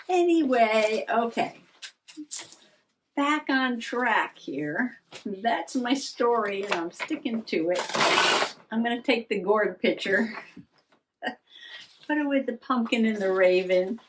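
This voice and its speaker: Rambling, chuckling older woman. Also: a little high. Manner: rambling, self-mocking, laughs often. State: out of breath. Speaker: journaling vlogger. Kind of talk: casual chat.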